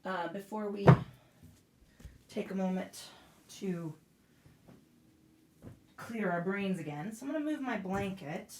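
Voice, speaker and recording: A woman yoga instructor guiding a class out loud, casual and profane, breaking off into blunt joking rants. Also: mid-range voice, lively intonation, slow pace, pauses often, noisy background. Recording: echoey room.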